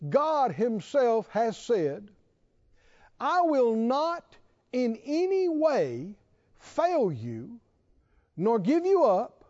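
Impassioned high-voiced male preacher. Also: warm tone. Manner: impassioned preaching, rising to emphatic peaks. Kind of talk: sermon. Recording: dull lo-fi sound with long reverb.

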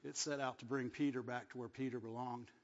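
A man's voice: mid-range voice, steady tone, brisk. A man preaching a sermon, often repeating words and asking the congregation "right?". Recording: dull sound, long hall echo.

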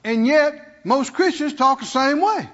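A man's voice: very high voice, animated, a little slow, fairly bright tone, big-room sound, highs cut off. A man pastor preaching a sermon, prodding his congregation with rhetorical questions and call-and-response.

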